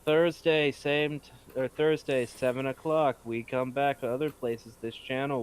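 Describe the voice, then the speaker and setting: A man's voice: medium pitch, steady tone, unhurried, smooth. A man chatting casually after a tabletop game stream, joking and rambling as a player and game master.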